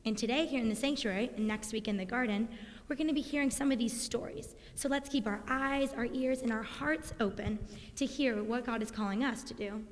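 A young woman giving a lively children's sermon in a church sanctuary, speaking with enthusiasm to kids. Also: fairly high pitch, fairly quick. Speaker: student speaker leading children's moment. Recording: long church reverb.

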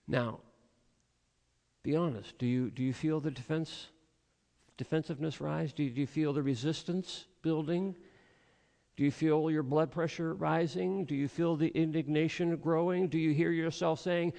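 A male pastor preaches to his congregation in a slightly high voice, earnest and rhetorical, playing out imagined replies from his listeners. His voice carries a long reverb from the church around him. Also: fairly even intonation, normal speed, creaky, dark tone. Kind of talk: sermon.

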